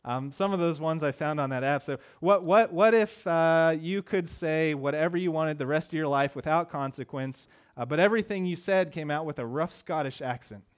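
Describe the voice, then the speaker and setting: A man's voice: a little high, moderate pace, hardly any pauses, clear, resonant tone. A middle-aged man preaching a sermon in a conversational way, often repeating words as he starts phrases. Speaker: pastor.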